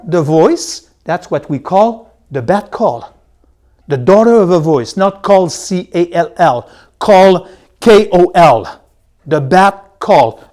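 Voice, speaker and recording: Man teaching scripture, loud then hushed. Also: high-pitched. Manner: slows down to spell out and repeat key words; swings between loud emphasis and soft asides. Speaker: Bible teacher. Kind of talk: Bible study teaching.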